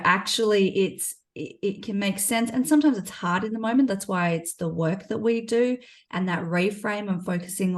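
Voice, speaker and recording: A woman co-hosting a podcast who asks her guest for practical tips. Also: mid-range voice. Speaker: podcast co-host. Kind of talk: casual interview talk.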